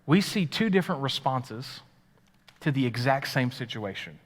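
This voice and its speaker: A man's voice: mid-range voice, moderate pace. Dynamic male pastor preaching in a reverberant hall. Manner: dynamic preaching, swings from loud and excited to hushed and quiet. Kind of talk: live sermon. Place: church sanctuary. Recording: live church hall with long reverb.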